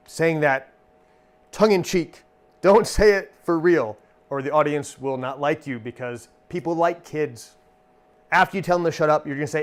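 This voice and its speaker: A magician and comedy performer giving a friendly, jokey lesson on stock lines for handling hecklers. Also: male voice, fairly high pitch, moderate pace. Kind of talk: instructional talk.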